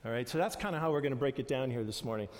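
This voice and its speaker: A man preaching a conversational sermon, retelling scenes with animated voices and many fillers and restarts. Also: mid-range voice, rapid-fire, in a large hall. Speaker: pastor.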